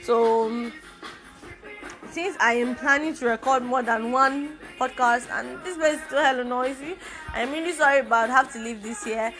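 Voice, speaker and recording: Young woman, podcast host, chatty and playful, slightly high pitch. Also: moderate pace, fairly bright tone, soft background music. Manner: chatty and informal, with playful asides. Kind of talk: casual solo podcast talk.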